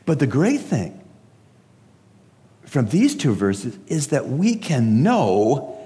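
A man's voice: medium pitch, wildly swooping pitch, slow pace, pauses often, dark tone. Pastor guy giving a funeral sermon, voice swoops up and down a lot, long echo from the church. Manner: emphatic preaching with rhetorical questions. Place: church service. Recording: long reverb of a large hall.

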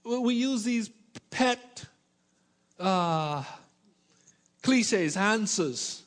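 High-voiced preacher asking drawn-out questions. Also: male voice, lively intonation. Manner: drawn-out emphatic questions, playful asides. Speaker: pastor. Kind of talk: sermon. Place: church with congregation.

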